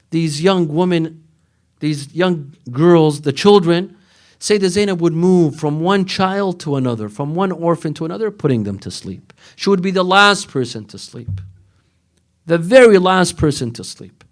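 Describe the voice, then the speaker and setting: A man who is a religious scholar, narrating a mourning sermon in a mosque, repeating phrases and breaking into sung lament. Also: fairly high pitch. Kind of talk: emotional sermon narration with chanted elegy. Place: large mosque hall. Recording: echoey mosque hall, long reverb.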